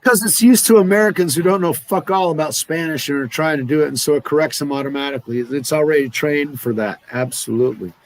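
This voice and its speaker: A man's voice: a little high, quick pace, few pauses. A man co-hosting a loose, joking live-stream chat, who likes to slip into put-on accents. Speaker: co-host. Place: lives by a beach in Brazil.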